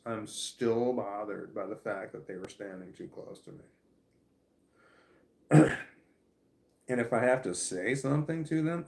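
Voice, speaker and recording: A man's voice: medium pitch, darkish tone. Man streaming live, stammers, repeats and restarts words, blunt and earnest, casual swearing, mid-range voice. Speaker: livestreamer reading viewer comments. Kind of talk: candid live-stream chat.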